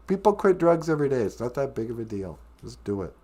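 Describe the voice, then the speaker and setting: A man's voice: medium pitch, very animated, quick pace, a little mellow. A man hosting a live-stream comedy podcast, rambling sarcastically with lots of fillers. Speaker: podcast host.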